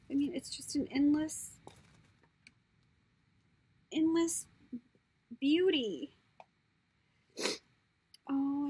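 A woman with a high-pitched, slightly mellow voice chats casually while unboxing craft supplies that arrived in the mail, and the audio is poor. She gushes over each item, lets out breathy gasps, and keeps slipping into whispers.

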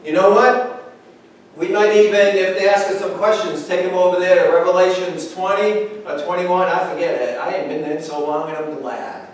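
Pastor guy preaching, chatty and lively, sounds far from the mic in a big echoey church. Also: high-pitched, moderate pace, a little hiss or hum. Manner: conversational, animated preaching with acted-out dialogue. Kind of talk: sermon.

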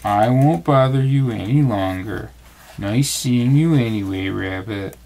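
A man voicing a gloomy, resigned old male donkey, speaking slowly and low. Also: vocal fry, dark tone. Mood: glum.

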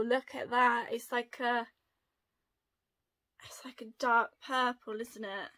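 A young woman chatting through an unboxing video, gushing and excitable, often gasping with delight. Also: on the high side, takes it slowly, pauses often. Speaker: unboxing vlogger. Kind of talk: casual unboxing chat.

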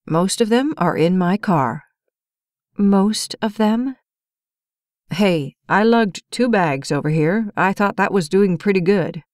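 A woman's voice: mid-range voice, darkish tone, no echo, clean studio sound. A woman narrating a romance novel audiobook, reading all the characters' dialogue in her own voice. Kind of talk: scripted narration.

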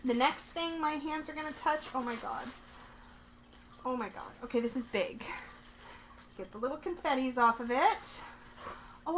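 Excitable woman vlogger, fairly high voice, gushing unboxing chat, faint hiss behind. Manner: excitable, gushing, talks to herself. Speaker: vlogger unboxing a subscription box. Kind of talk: casual unboxing chat to camera. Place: bedroom.

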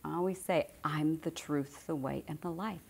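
A woman's voice: low voice, normal speed, creaky, husky. A middle-aged woman giving an informal spiritual teaching to a group, conversational and repeating phrases for emphasis.

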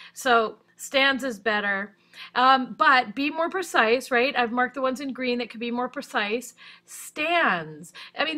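Bright, chatty woman teacher. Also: sits high. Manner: upbeat, chatty, thinks aloud with fillers. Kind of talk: screen-recorded writing lesson.

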